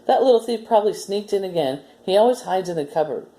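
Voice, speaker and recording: A woman's voice: medium pitch, animated, fast, dark tone, lightly acted. A woman voicing a huge, impatient giantess who barks orders in a brusque way. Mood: bossy.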